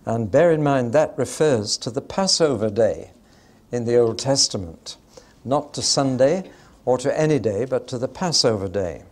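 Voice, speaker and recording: A man's voice: medium pitch, animated, normal speed. Older man teaching scripture. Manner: conversational, explanatory, with dramatic emphasis. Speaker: preacher. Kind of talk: Bible teaching talk to a congregation.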